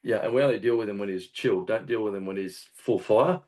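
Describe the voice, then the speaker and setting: A man with an Australian accent, a hunting guest telling a story in casual chat, animated and swearing often. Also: on the low side, fast talker. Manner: animated, swears often, acts out shouted quotes. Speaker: guest hunter.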